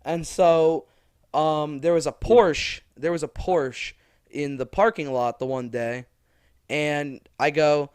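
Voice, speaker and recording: A man's voice: fairly high pitch, measured pace, clear, resonant tone, dry recording, studio quality. A young man co-hosting a podcast, chatting casually and acting out quoted lines with gusto. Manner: animated storyteller, acts out quotes loudly. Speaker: podcast co-host. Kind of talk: casual chat.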